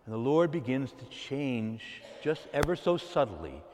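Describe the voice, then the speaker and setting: A man preaching a sermon to his church, animated, swinging from soft asides to loud outbursts. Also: mid-range voice, unhurried, long reverb tail, a little hiss or hum. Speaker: pastor.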